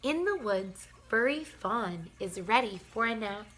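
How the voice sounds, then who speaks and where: A woman teacher reading a bedtime picture book aloud to young children, gentle and playful, with soft sighs and yawns. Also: fairly high pitch, animated, a little slow, a little hiss or hum.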